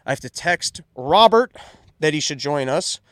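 A man's voice: a little high, expressive, measured pace, dry recording. A man hosting a casual commentary show, riffing sarcastically and with animation.

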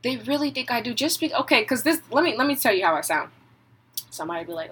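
Young woman, student, candid vlog, bright and sharp tone, rambly and open. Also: a little high, fast, breathy edge, rough recording. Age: young adult. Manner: open, rambling, thinking aloud. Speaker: college student. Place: her apartment room.

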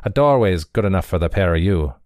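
A man playing a greasy, grinning boarding-house runner who talks fast and wheedling. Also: low voice, expressive, a little mellow, no room sound, clean studio sound. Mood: scornful.

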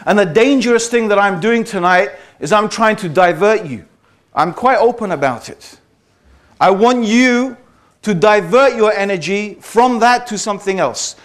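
A man's voice: high-pitched, expressive, moderate pace. A man giving a public talk to a live audience, conversational and wry, often checking in with "okay?" and "right?". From Britain. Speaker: speaker addressing an audience.

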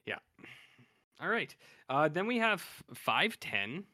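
Bright-voiced man retelling TV plots. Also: a little high, slow pace, no room sound, studio quality. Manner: animated storyteller acting out character quotes. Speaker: podcast co-host. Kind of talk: casual chat.

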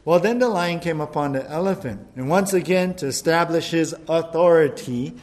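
A male pastor leading a verse-by-verse Bible study in a church, preaching in a lively, conversational way with jokes. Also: a little high, moderate pace.

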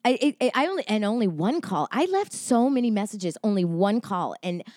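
A woman's voice: medium pitch, a little fast, no echo, studio quality. A woman comedian in casual conversation, telling a story with a lot of swearing and acting out what people said. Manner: animated, profane, acts out quotes. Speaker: comedian guest.

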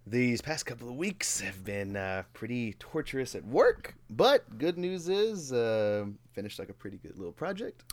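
A young man hosting a podcast, talking in a loose, laid-back way at a middling pitch. He swears freely and breaks into laughter often. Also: big pitch swings, normal speed, hardly any pauses. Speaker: podcast host. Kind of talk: casual chat. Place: warm home room.

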